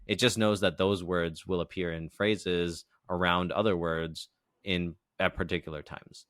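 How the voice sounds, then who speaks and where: A man's voice: low voice, steady tone, unhurried, a bit bright, clear, resonant tone, dry recording, studio quality. A man co-hosting a podcast, explaining ideas patiently in a casual chat, often checking in with "right?" and "you know". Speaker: podcast co-host.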